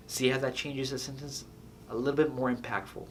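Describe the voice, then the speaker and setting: A man's voice: mid-range voice, fairly even intonation, a little fast, a little hiss or hum. A man speaking earnestly to camera in a casual motivational talk, repeating phrases and laughing at his own jokes.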